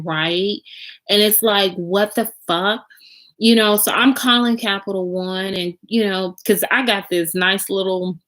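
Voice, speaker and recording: A woman's voice: medium pitch, fairly bright tone. Rambling, swearing woman vlogger. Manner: rambling, restarts and repeats herself; swears freely, flares up in agitation. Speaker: vlogger telling her own story. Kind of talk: candid confessional vlog.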